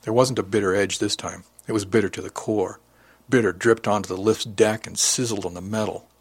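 A man reading a first-person novel as an audiobook narrator, measured and close to the mic. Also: fairly low pitch, steady tone, husky, no room sound.

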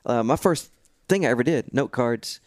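Man, animated storyteller; quotes others in put-on voices; dry studio sound. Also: medium pitch, normal speed, no room sound. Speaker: guest musician. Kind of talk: storytelling in casual chat.

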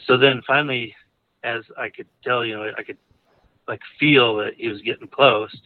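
A man's voice: mid-range voice, fairly even intonation, normal speed. A man calling in to a show, telling a long story in a casual, rambling way with lots of "like" and "you know". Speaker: caller. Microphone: phone. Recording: tinny phone line.

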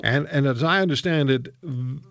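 A man hosting a talk radio show, combative, rhetorical and quick to joke as he interviews guests from a studio microphone. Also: medium pitch, vocal fry, fairly bright tone, highs cut off.

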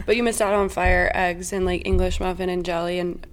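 A woman's voice: lowish voice, flat delivery, brisk. A woman in her twenties chatting casually as a podcast co-host, poking fun at herself. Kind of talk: casual chat.

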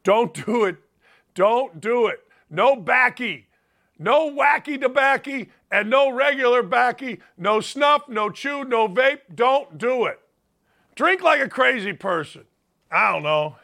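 Telling stories emphatically and repeating phrases for effect, a man in his fifties gives an animated monologue on his sports talk show. His voice is very high-pitched, bright and forceful, with lively intonation, vocal fry and an unhurried pace.

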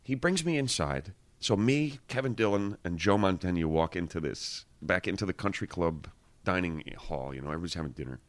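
Very deep-voiced man telling a story. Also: brisk, dry recording. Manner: animated storyteller, swears freely, acts out quotes. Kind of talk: casual chat, telling an anecdote.

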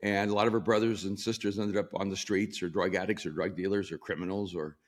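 Older pastor from El Salvador, low voice, rambling anecdotal style with laughs. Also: male voice, steady tone, fast. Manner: warm storyteller, laughs often, many ums and restarts. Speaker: pastor and author. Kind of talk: storytelling in a sit-down interview.

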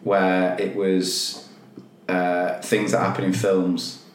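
A man's voice: low voice, monotone, takes it slowly, a little hiss or hum. Jokey man in an echoey room. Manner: jokey, storytelling, reads news headlines aloud. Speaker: podcast co-host. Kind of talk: casual chat.

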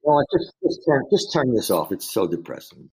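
A man's voice: medium pitch, sing-song, normal speed, darkish tone, slightly rough, rough recording. An older man, a film director guest, telling rambling anecdotes in a casual interview. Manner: rambling anecdotes with acted quotes. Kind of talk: casual storytelling.

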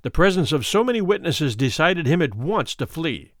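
A man narrating a classic story in a measured, expressive way. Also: fairly high pitch, dry recording, clean studio sound. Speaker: audiobook narrator.

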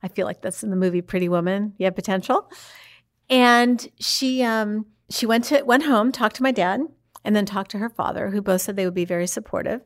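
Animated woman telling a story. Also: medium pitch, a little fast. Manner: animated, acts out quoted speech. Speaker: interviewee telling her mother's story. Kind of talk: casual storytelling.

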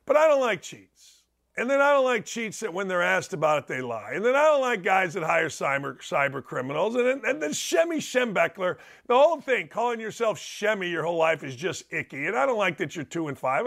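A man's voice: sits high, sing-song, moderate pace, vocal fry, a bit bright. A man hosting a sports talk show, riffing through a brash, wisecracking monologue. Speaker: sports radio host.

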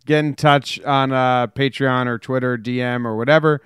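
A man co-hosts a podcast in loose, casual chat, tossing in quick asides. His voice is smooth and clear, recorded close and dry. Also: mid-range voice, steady tone, a bit bright, dry recording. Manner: chatty, quick asides and laughs. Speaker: podcast co-host.

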